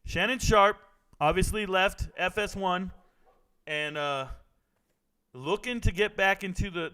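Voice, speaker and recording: A man's voice: high-pitched, pushed and bright, smooth, poor audio. A middle-aged man hosting a casual commentary vlog, brash and joking as he talks straight to his viewers. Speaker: sports and trends commentator.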